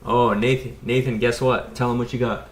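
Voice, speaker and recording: A man's voice: mid-range voice, little pitch movement, moderate pace, a little hiss or hum. An American man in his thirties, an electrician, chatting casually on a live stream, rambling and talking straight to his viewers. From United States. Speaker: electrician and YouTuber.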